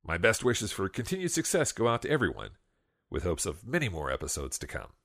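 A man who is a voice actor, giving a polite, measured message of congratulations. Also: low voice, wildly swooping pitch, a bit bright.

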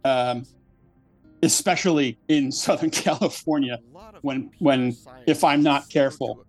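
A man from Philadelphia with a faint, mostly suppressed Philly accent, chatting casually on a panel and restarting his sentences often. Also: medium pitch. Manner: halting, many restarts.

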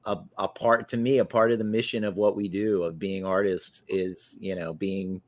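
A man in casual podcast conversation, animated and laughing, often restarting his phrases. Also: low voice, moderate pace. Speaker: podcast guest or host, artist.

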